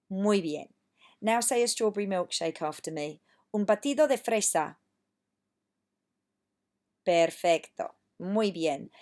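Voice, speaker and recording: A woman's voice: mid-range voice, darkish tone. Encouraging woman teaching a recorded lesson. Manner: patient, encouraging, models words for repetition. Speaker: language teacher.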